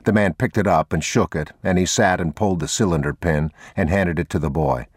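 A man narrating an audiobook in a measured, unhurried, even delivery. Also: low-pitched, slightly rough, no room sound, studio quality.

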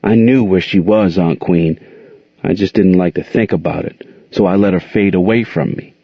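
A man voicing an anxious, upset young boy about to turn nine, his voice pushed high and strained. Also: moderate pace, slightly rough. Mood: hurt. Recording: dull lo-fi recording.

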